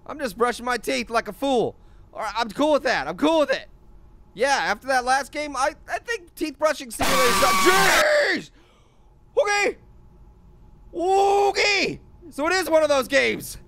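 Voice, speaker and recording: A man's voice: animated, fairly quick, sharp tone, slight background noise, heavily acted. A man voicing a hyper, wisecracking male talking orange who rambles through a video game in cartoon commentary. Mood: alarmed. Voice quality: squeaky, gravelly. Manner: rambling, exclaiming, self-talking. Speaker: gaming host. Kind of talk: cartoon let's play commentary.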